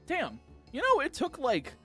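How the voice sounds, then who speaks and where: A man's voice: very high-pitched, huge pitch swings, a little slow, sharp tone, soft background music. A tipsy man streaming a video game, rambling and joking crudely between moves. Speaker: gaming streamer. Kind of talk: casual livestream chat while playing.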